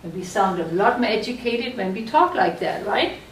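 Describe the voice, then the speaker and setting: A woman teaching a German class, explaining slowly and patiently and often checking that the students follow. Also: medium pitch, expressive, slight background noise. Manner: slow, patient explaining with frequent check-ins. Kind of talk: classroom lecture at a board. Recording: echoey room, voice from far off.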